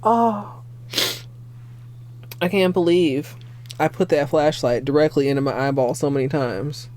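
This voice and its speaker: A young adult woman streamer chatting casually at home, excitable and given to swearing, teary-eyed and sniffling. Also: low voice, unhurried. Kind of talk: casual livestream chat.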